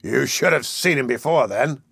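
A man reading an audiobook, voicing a domineering sea captain who talks in a threatening, sardonic way, a bit higher and louder than his narration. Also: expressive, moderate pace, creaky, breathy edge, no echo, studio quality, full character voice. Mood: mocking. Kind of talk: audiobook character voice.

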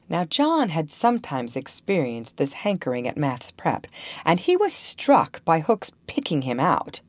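Woman narrator, storybook reading, slow pace, lively pitch, dry close sound. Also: dry recording.

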